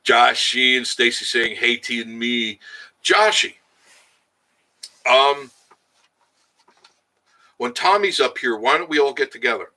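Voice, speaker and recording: His voice sits at a medium pitch, bright and forceful, delivered slowly with long pauses. He's outdoors in the Smoky Mountains running a relaxed live stream, chatty and jokey, laughing often as he addresses viewers by name.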